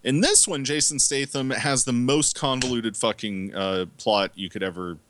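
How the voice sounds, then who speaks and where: A man's voice: mid-range voice, normal speed, a bit bright, no echo. A man co-hosting a podcast, reviewing movies in casual chat, rambling and swearing with lots of fillers. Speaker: podcast co-host.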